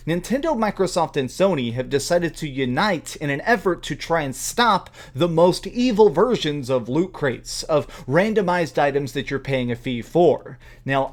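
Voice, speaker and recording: A man rants about gaming to his channel's viewers, emphatic and excitable. His voice sits fairly high for a man, and he pushes his points hard. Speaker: gaming YouTuber. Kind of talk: gaming rant.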